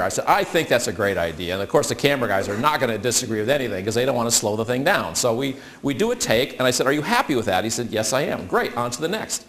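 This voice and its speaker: Male speaker, lively storytelling talk, big swings in pitch. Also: fast talker, few pauses. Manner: animated storyteller acting out quoted voices.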